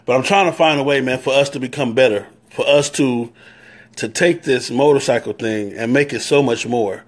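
A man with a Southern US accent giving a live-stream talk, preaching on brotherhood and greeting viewers by name as he goes. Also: medium pitch. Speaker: motorcycle club leader.

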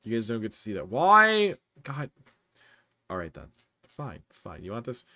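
A man's voice: mid-range voice, huge pitch swings, measured pace, bright, forceful tone, no echo, clean studio sound. A man streaming a game live with viewers, joking and bantering playfully. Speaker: streamer playing games with viewers.

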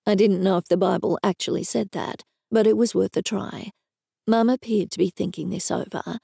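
An Australian woman narrating a story in first person on a close microphone, in a wry, even manner. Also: medium pitch, moderate pace, creaky, breathy edge, no echo. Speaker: audiobook narrator.

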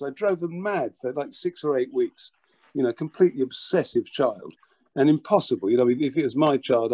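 An older man, telling a childhood story as an interview guest, lively and full of restarts and repeated words. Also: mid-range voice. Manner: animated, repeats words while acting out a story. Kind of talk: anecdotal storytelling.

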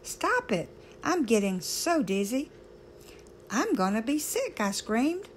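A woman's voice: mid-range voice, sing-song, drawn-out words, fairly bright tone, a little hiss or hum, heavily acted. A woman reading a poem aloud and voicing a talking teacup that cries out in distress as its master shapes it. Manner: pleading, crying out in distress.

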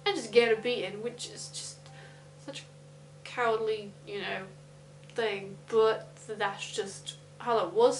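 A woman's voice: fairly high pitch, rough recording. A woman with a London accent casually recounting a true crime case, breaking into blunt, indignant asides.

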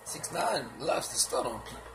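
A man giving casual, animated gossip commentary in slangy talk, laughing and acting out what others said. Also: a little high, normal speed, vocal fry, a little hiss or hum. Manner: sound effects and repeated filler phrases.

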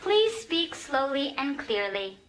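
A woman with an American accent voicing a polite, measured automated elevator system in a comedy sketch. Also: sits high, sing-song, exaggerated voice. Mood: calm, polite. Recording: studio audience laughter. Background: audience laughter.

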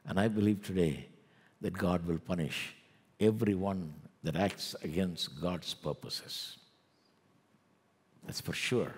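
A man with an Indian English accent preaching a sermon as pastor, animated, acting out the taunts of scoffers. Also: low voice, slow pace, long pauses, husky, in a large hall.

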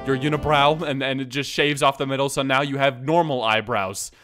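A man doing joking commentary as he reads and mocks online posts, lively and quick to laugh. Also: medium pitch, faint music behind. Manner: joking, animated, frequent laughter. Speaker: YouTube commentator. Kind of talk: comedic reading commentary.

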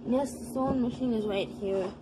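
A woman's voice: fairly high pitch, fairly quick, heavy background noise. A woman talking casually in a home vlog, counting her exercises aloud and chatting to her dogs. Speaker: vlogger.

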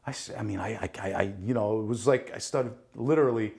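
A man from New Jersey, a guest actor telling lively stories in a casual interview, acting out the voices of others and swearing now and then. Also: lowish voice, fast, creaky. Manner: animated, acts out quoted voices, swears casually.

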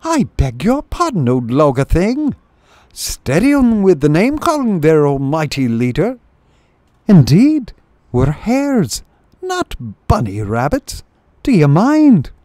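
A man voicing a pompous, fussy male hare warrior who speaks in an affected, high voice. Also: wildly swooping pitch, slow pace, warm tone, no room sound, studio quality, exaggerated voice. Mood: indignant. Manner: affected, huffy.

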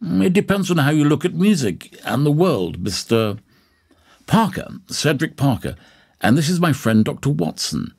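A male narrator puts on an older retired detective for a storybook. The voice rises above his usual low register with a husky grain. The manner is jovial and gentlemanly, quick to proper indignation. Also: big pitch swings, full character voice.

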